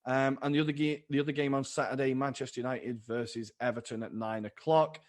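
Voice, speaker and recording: A man's voice: mid-range voice, steady tone, fairly quick. A man co-hosting a podcast, chatting casually and upbeat about football and laughing easily. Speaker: podcast co-host.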